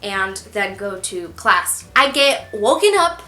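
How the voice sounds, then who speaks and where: A young woman telling embarrassing stories to the camera in a casual, animated and self-mocking way, acting out the quotes. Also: mid-range voice, takes it slowly, reverberant. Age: young adult. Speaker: vlogger.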